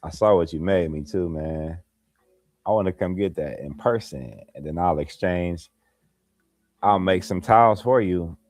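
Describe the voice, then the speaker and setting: Deep, slow, laid-back male streamer. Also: a little mellow, no echo. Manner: laid-back, laughs often, addresses viewers by name. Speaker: livestream host. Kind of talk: late-night casual livestream chat. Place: home at night, holding a light.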